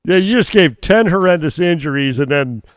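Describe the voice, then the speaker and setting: A man's voice: fairly high pitch, animated, moderate pace, no room sound. A man co-hosting a podcast, chiming in with dry, joking remarks. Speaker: podcast co-host. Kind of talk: casual podcast chat. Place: podcast studio.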